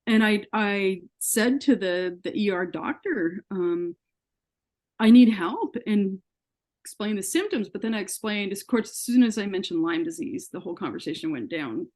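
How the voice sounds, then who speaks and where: A woman's voice: medium pitch, lively intonation, normal speed, a little mellow. Earnest woman guest, retells her ordeal and voices the quoted dialogue. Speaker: interview guest. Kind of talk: personal story in an interview.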